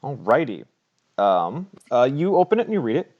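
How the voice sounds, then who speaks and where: Lo-fi game master man, lively pitch. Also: moderate pace. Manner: chatty, hesitant, laughs often. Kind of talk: narrating a tabletop game. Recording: dull lo-fi mic.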